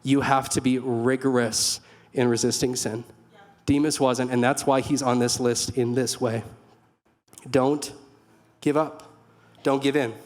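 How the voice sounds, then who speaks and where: A man's voice: mid-range voice, level tone, unhurried, pauses often. A young man preaching a sermon in a church hall, earnest and conversational, with storytelling asides. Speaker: pastor.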